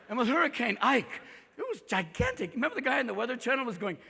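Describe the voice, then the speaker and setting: A man doing a stand-up comedy set, talking in a manic, rapid-fire way and jumping into shouted character voices in front of a live audience. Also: very high voice, lively intonation, gravelly, slight background noise. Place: large hall with a live audience. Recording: reverberant live hall, crowd faintly behind.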